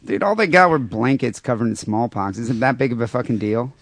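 A man's voice: mid-range voice, animated, fairly quick, no room sound. A man co-hosting a casual podcast, talking offhandedly and irreverently, often repeating words as he starts a thought. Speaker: podcast co-host.

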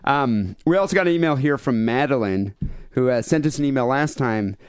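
A man's voice: medium pitch, lively intonation, brisk, clear, resonant tone, no echo. A man co-hosting a podcast in casual chat, rambling and often repeating his words. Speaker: podcast co-host.

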